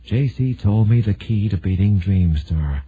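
A man voicing a determined male Air Force colonel who talks in a firm, blunt way, with a husky voice. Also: lowish voice, lively intonation, a little slow, warm tone, exaggerated voice. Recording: narrow phone-like sound.

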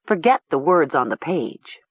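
A woman's voice: low-pitched, sing-song, unhurried, husky, no echo, dull audio, full character voice. A woman voicing a nervous, cornered teenage girl who sounds anxious and pleading.

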